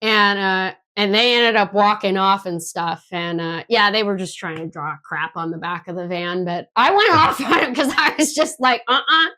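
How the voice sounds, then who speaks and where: A woman co-hosting a podcast, chatting casually and telling an animated story with plenty of swearing. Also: medium pitch. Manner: animated, swears freely, quick bursts of retold dialogue. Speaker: podcast co-host.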